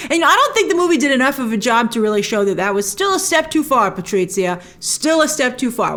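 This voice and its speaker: A woman hosting a spoiler movie review, opinionated and animated, acting out lines she quotes. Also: fairly high pitch.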